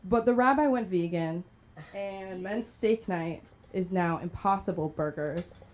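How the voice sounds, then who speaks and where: A woman's voice: lowish voice, unhurried. A woman doing a chatty, rambling stand-up set at a comedy club open mic, giggling through her bits. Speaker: stand-up comic.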